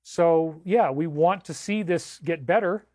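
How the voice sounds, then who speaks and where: A man's voice: a little high, measured pace, a little mellow, dry recording, clean studio sound. A man hosting a livestream, talking in an emphatic, incredulous way and repeating himself for effect. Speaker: livestream host. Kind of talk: livestream commentary.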